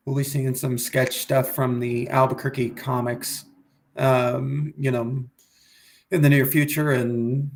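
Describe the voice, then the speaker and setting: A man, a comedian guest, chatting casually on a podcast and rambling through restarts and some swearing. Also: medium pitch.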